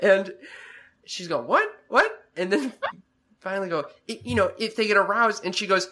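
Bright-voiced young man, stammering. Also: high voice, expressive. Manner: halting, stammering restarts. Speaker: podcast co-host. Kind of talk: casual storytelling chat.

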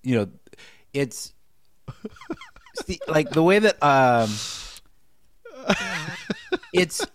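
A man co-hosting a podcast, talking casually with wry deadpan asides and frequent laughter. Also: a little high, very slow, pauses often, a crowd in the background. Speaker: podcast co-host. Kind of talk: casual chat.

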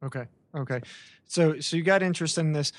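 A man hosts a podcast interview in a loose, joking way, ribbing his guest as he talks. His voice sits a little high, and he often trips over his words and restarts. The recording is close and dry, with no room sound. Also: a little fast, no echo. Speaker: podcast host. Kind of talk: casual interview chat.

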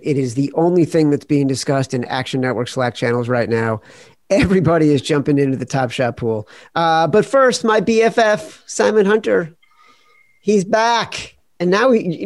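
A man hosting a podcast, excitable and jokey, with his voice leaping up on big moments. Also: a little high, no room sound, clean studio sound. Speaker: podcast host. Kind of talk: podcast hosting and casual banter.

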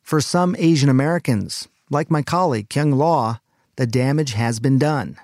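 Calm man hosting a news podcast. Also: medium pitch, no echo, clean studio sound. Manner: calm, measured, earnest delivery. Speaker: medical correspondent and podcast host. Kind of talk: scripted news narration.

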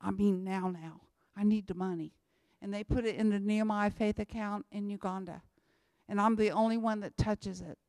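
A woman's voice: medium pitch, steady tone, normal speed, a little mellow, no echo, studio quality. A woman, giving an emphatic church talk about mission work and repeating her key lines. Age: 60s. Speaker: missionary speaker.

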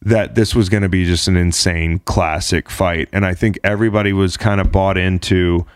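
Rambling, animated lower-voiced man, dry sound. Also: moderate pace, few pauses, no echo. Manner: rambling and animated, heavy on "like", swears casually. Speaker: podcast host. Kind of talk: casual sports chat.

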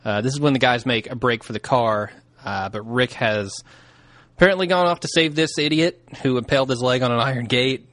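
An easygoing man in casual conversation, laying out scene recaps in a steady way. His voice sits at a middling pitch. The recording is dry and close. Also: fairly quick, no echo. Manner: easygoing, laughs along, walks through scene recaps. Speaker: podcast co-host. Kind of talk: casual chat.

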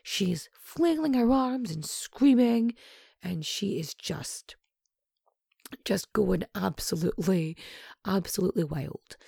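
A woman's voice: medium pitch, expressive, slow pace, gravelly, dark tone, slightly rough, no echo, clean studio sound. A young woman casually retelling a true crime story, sweary and sarcastic, with lots of asides.

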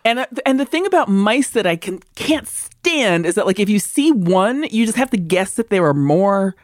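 A woman co-hosts a relaxed podcast conversation, spinning an animated story. Her voice sits in a middle pitch, recorded dry and close. She jumps into quick character voices for her pet. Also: no room sound. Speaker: podcast co-host. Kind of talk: casual chat. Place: converted barn in the country.

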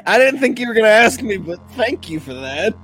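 A man co-hosting a sports podcast, ranting loudly and excitedly with lots of swearing. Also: high-pitched, fairly quick, music in the background. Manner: loud, profane, excitable ranting. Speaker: podcast co-host. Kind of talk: casual sports chat.

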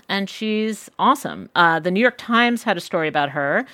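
A woman's voice: low voice, a bit bright, no echo. A woman hosting a podcast, talking in an enthusiastic, chatty way. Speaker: podcast host. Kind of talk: casual chat.

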